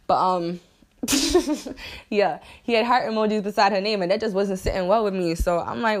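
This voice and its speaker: Young adult woman, casual storytime vlogger, slangy and profane, laughs often, mid-pitched voice. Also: normal speed. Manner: slangy, profane and animated, laughs often, keeps asking "you dig?". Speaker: vlogger telling stories.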